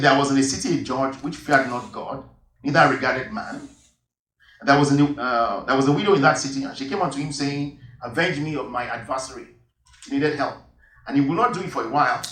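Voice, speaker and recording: A man's voice: mid-range voice, a bit bright, recorded from a distance. Emphatic preacher man in an echoey hall. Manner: emphatic, repeats key phrases. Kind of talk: sermon with Bible reading.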